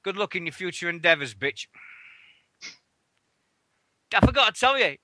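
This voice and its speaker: British male host, cusses freely, rambling storyteller; dry close mic, very lively high delivery. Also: moderate pace, no echo. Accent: British English. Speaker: wrestling radio host. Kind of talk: casual chat.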